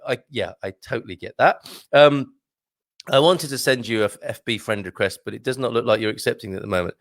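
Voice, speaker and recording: In a dry recording, a man with a gravelly, mid-range voice talks fast. He's running a morning live stream from a home studio with a green screen, casually reading viewer comments and cracking jokes.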